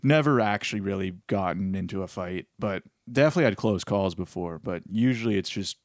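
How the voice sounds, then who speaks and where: A man's voice: deep voice, fairly quick, no echo, clean studio sound. A young man in casual podcast chat, talking in a rambling, hesitant way with many restarts. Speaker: podcast co-host.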